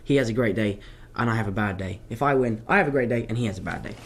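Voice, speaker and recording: A young man, an actor answering fan questions in a casual live chat, telling stories in an animated, self-mocking way. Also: fairly low pitch, fast, slightly rough.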